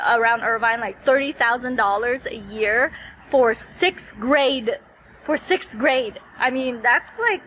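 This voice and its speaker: Chatty woman vlogger, rambling and animated. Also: high-pitched, slight background noise, low-quality recording. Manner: rambling, animated storytelling with many fillers. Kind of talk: casual recap vlog.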